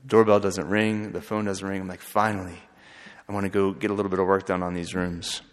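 A man who is a friar, telling a story in an earnest, halting way with frequent restarts. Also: low voice, little pitch movement. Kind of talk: storytelling talk. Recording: long hall reverb.

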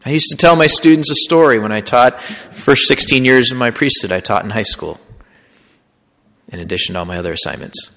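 Man, priest, sermon, storytelling, middle pitch, echoing hall. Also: brisk. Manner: storytelling preacher, dramatic swings from loud to hushed. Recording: long hall reverb.

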